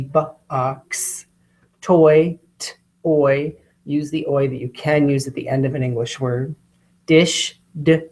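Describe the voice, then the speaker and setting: A woman teacher explaining spelling lists, sounding out words slowly and carefully. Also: low voice, darkish tone. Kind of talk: instructional explanation.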